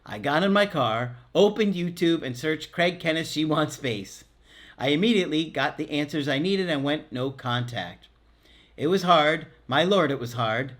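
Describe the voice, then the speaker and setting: A middle-aged man with a fairly high voice hosts a relationship podcast in casual chat. He reads a listener's story aloud and stops to joke about the details. His delivery stays playful and he laughs often at his own asides. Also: animated, moderate pace, fairly bright tone. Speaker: relationship coach and podcast host.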